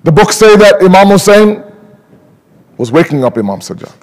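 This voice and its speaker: Male preacher, high voice, emotional grieving sermon storytelling at a religious gathering. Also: sing-song, big-room sound, low-quality recording. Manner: emotional, rising to high pleading pitch in grief passages; slows and stretches words for emphasis. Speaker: speaker at a mourning gathering. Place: community religious center.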